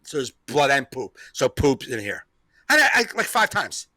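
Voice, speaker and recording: A man's voice: mid-range voice, huge pitch swings, moderate pace, pushed and bright, no echo. A man hosting a comedy podcast, telling a rambling story in casual chat, repeating himself and laughing often.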